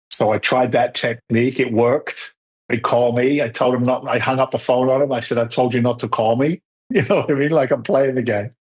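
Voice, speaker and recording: A middle-aged man telling stories as a podcast guest, acting out the dialogue lively as he talks. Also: mid-range voice, slightly rough. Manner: animated storyteller who acts out quoted dialogue. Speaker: podcast guest, real estate investor. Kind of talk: storytelling interview answers.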